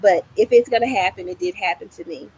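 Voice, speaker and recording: Middle-aged woman, casual livestream host, animated storyteller, medium pitch, faint hiss in the background. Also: quick pace, rough recording. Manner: animated, acts out quoted lines with rising pitch. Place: small home patio garden, outdoors.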